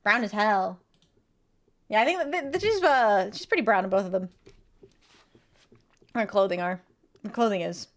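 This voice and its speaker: A woman streamer giving casual, animated gameplay commentary with quick asides and laughter. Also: mid-range voice.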